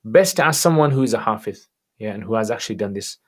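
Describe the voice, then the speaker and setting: A man answering religious questions on a livestream, reading each viewer question aloud and replying in a casual, relaxed way. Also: on the low side, quick pace.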